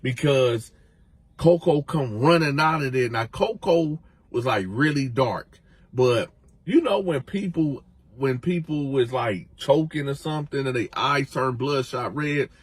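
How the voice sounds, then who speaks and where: A man telling a prison story in a casual, animated way. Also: mid-range voice, unhurried, slightly rough, no echo. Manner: animated, conversational.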